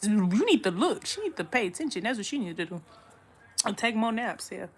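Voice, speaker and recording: A woman's voice: medium pitch, lively intonation, brisk, a bit bright, breathy edge. Slangy young woman ranting. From Texas. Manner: blunt, slangy, profane, rambling. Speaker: vlogger. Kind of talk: casual chat to camera. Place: her room at home.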